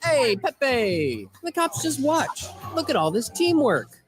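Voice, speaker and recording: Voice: sits high, big pitch swings, takes it slowly, faint music behind. A narrator giving sarcastic voice-over commentary on footage, with mocking asides.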